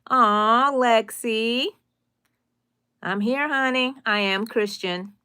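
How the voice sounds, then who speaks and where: A woman's voice: fairly high pitch, extremely slow, sharp tone, clean tone. Middle-aged woman, casual live-stream host, chatty, answers viewers. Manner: chatty, reads viewer comments aloud. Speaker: crochet channel host.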